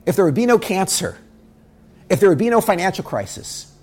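A man teaching a Torah lesson through a dramatic story, swinging between loud bursts and hushed asides. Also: high voice, very animated, fairly quick, breathy edge.

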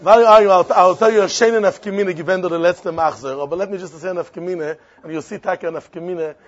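A man with a Yiddish-inflected accent, giving a Talmud lesson in an animated, repetitive, sing-song way with many questions. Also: high-pitched, fast, lo-fi sound. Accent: Yiddish-inflected English. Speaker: Talmud teacher.

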